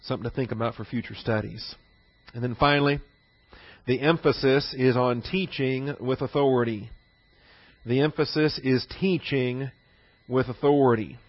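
Male Bible teacher, mid-pitched voice, deliberate and repetitive, dry close recording. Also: fairly even intonation, no echo, muffled recording. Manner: repeats key phrases for emphasis; poses rhetorical questions.

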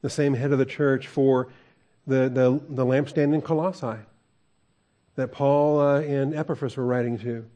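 A man's voice: mid-range voice, steady tone, normal speed, mellow, muffled recording. A man preaching a conversational verse-by-verse sermon as a pastor, asking the congregation questions and chuckling often.

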